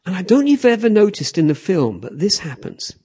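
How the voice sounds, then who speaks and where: Husky man preaching with many checks. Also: sits high, fast talker. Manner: animated, repeats "okay? all right?" to the audience. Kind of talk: sermon.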